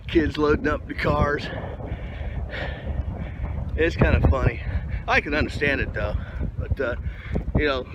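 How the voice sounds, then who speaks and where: A man's voice: fairly high pitch, measured pace, pauses often, highs cut off. A middle-aged man from Colorado talking casually while walking his dog in a park, rambling and folksy with plenty of fillers, recorded on a handheld phone. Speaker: vlogger leading a rucking group. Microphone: handheld phone camera. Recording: outdoor phone recording with background noise.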